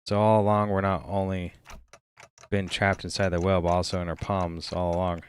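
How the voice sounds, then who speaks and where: A man's voice: deep voice, flat delivery, brisk, a little hiss or hum. A man giving offhand, casual commentary while playing a video game. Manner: offhand, musing remarks. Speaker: game streamer.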